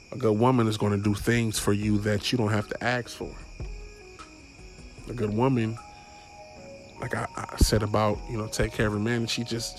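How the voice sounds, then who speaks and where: A young man with a lowish voice hosts a casual solo podcast, rambling, stumbling over his words, and swearing frequently. There's slight background noise.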